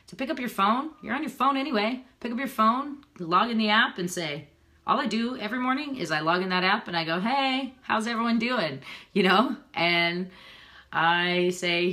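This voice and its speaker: A woman's voice: on the low side, fairly bright tone. A woman in her thirties, a fitness coach talking casually and earnestly on a live video, persuasive and a little emotional. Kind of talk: casual live-stream talk to viewers. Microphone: phone or webcam, live video.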